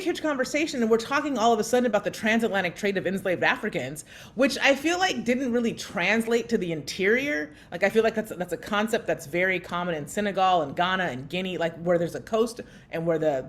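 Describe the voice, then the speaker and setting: A woman in her thirties co-hosting a podcast, telling a story in lively conversation and acting out the voices of people she quotes. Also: brisk. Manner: animated, acts out quotes with big pitch jumps. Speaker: podcast co-host.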